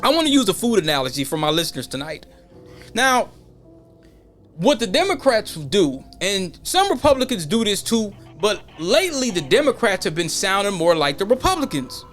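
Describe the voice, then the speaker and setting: A man hosting a podcast in an animated opinion rant, mocking the voices he quotes. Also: high-pitched, normal speed, faint music behind. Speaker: podcast host. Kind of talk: casual opinion monologue.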